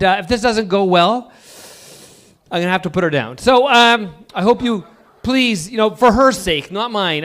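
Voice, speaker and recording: A man from Alberta performs an open-mic stand-up set with a high voice that leaps up and down. His delivery is rambling and self-deprecating, broken up by halting fillers as he works through his bits. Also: fairly bright tone. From Alberta, Canada.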